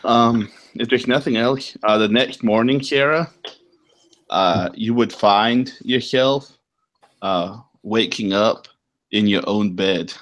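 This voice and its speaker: Slow-talking low-voiced man running the game. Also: a bit bright. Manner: unhurried, filler-heavy explaining. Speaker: game master. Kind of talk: narrating a tabletop game.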